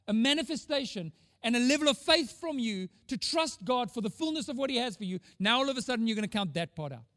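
Emphatic high-voiced pastor preaching. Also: male voice, fairly bright tone, no echo, studio quality, big-room sound. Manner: emphatic, rhetorical questions, repeats words. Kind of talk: sermon.

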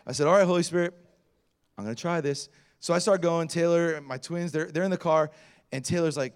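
A middle-aged pastor tells a story from his own life during a sermon. His voice sits a little high for a man. He acts out each quoted line, jumping from loud and excited to hushed and low. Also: fast talker, clean tone. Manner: animated storyteller acting out quotes.

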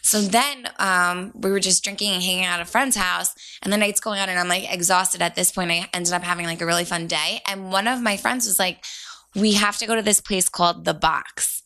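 A young woman co-hosting a casual podcast, talking in a chatty, upbeat way. Her voice is bright and a little tense, with a gravelly fry at the ends of phrases. She giggles easily between stories. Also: lowish voice, steady tone, a little fast. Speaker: podcast co-host. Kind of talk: casual chat.

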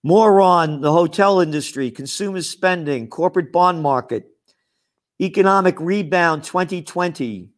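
An older man with a high-pitched voice rants in a scornful commentary monologue. He talks slowly and drags out his words, heaping sarcasm and insults as he goes. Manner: sarcastic, scornful, name-calling. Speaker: trend forecaster and publisher.

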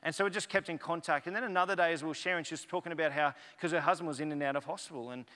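A man's voice: on the high side, racing, sharp tone. A man preaching a sermon as pastor, telling stories animatedly and acting out the dialogue. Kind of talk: sermon with personal storytelling. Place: church. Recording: echoey church hall.

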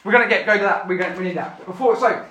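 High-voiced youth pastor in an echoey hall. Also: male voice, racing. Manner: casual, energetic, with self-corrections. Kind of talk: live youth sermon with Bible reading and prayer. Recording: roomy live church hall.

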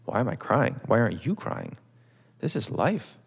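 A man's voice: mid-range voice, sing-song, moderate pace, vocal fry, breathy edge, heavily acted. A man voicing a tearful wife in plain, lightly voiced dialogue during a reading. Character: tearful wife, grown woman. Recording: long reverb of a large hall.

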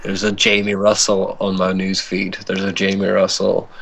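A man's voice: low voice, monotone, moderate pace, gravelly, fairly bright tone. A man from the UK, a guest on a podcast, joking around with playful mock insults and casual swearing. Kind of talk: casual chat.

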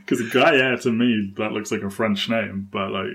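A man's voice: on the low side, fairly even intonation, a little slow, vocal fry, a bit bright. A man co-hosting a film podcast in casual, chatty talk, laughing often between points. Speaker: podcast co-host.

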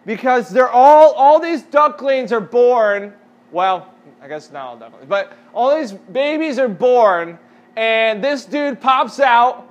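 A man's voice: extremely high pitch, animated, slow pace, highs cut off. A man as youth pastor, giving a casual sermon and asking the audience questions.

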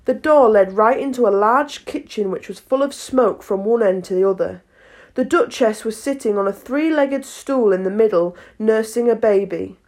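A woman narrating a children's classic in a clear, measured reading voice. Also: on the high side, darkish tone. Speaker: audiobook reader. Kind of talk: storybook narration.

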